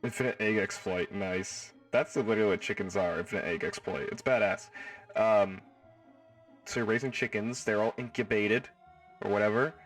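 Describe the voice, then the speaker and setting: A man's voice: fairly low pitch, normal speed, distant mic, soft background music. A man hosting a casual live stream from home, reading chat in a playful, jokey way and swearing freely.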